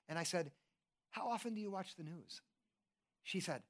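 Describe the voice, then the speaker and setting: Brisk and expressive, this preacher speaks in a mid-range voice, keeping his sermon earnest and conversational. He frequently questions the audience and restarts his thoughts with "and, and."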